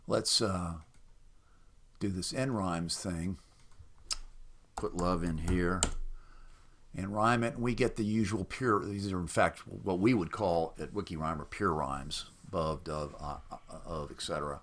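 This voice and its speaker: A man with a low, deep voice gives a loose, unscripted walkthrough of websites. He explains each step plainly, sounds mildly skeptical of what he finds, and pauses often with "uh". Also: steady tone, fairly bright tone. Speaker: website presenter for a rhyming site. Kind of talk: casual screen-recorded walkthrough.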